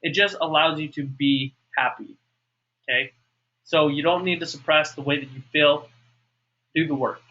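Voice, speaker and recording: A man's voice: on the high side, steady tone, moderate pace, long pauses, pushed and bright. A man coaching a webinar group on fitness and mindset, upbeat, often checking for questions. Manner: upbeat, repeats okay and asks for questions. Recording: muffled lo-fi webinar audio.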